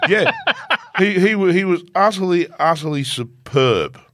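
A man's voice: sits high, animated, normal speed, a bit bright, no echo, studio quality. A man co-hosting a casual, sweary motorbike podcast. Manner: loose, sweary, laughing. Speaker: podcast co-host.

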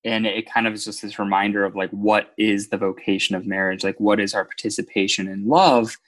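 A man's voice: lowish voice, steady tone, a little fast, a bit bright. A man co-hosting a casual faith podcast, earnestly explaining ideas in a teaching tone. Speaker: podcast co-host.

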